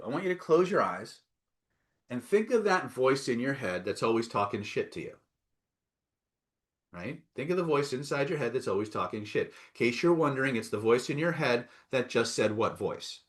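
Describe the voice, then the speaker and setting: A man's voice: mid-range voice, very animated, normal speed, long pauses. A man teaching a live online self-help session, coaxing and emphatic, often checking in with "right?" and "okay?". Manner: coaxing, repeats "right?" and "okay?", reads out chat replies.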